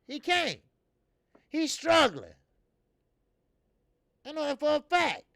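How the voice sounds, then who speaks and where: Gravelly profane boxing-show man, very dry sound. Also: very animated, takes it slowly, pauses often, no echo. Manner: profane, rambling, many fillers and restarts; swings between loud emphatic outbursts and low mutters. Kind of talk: casual opinionated commentary.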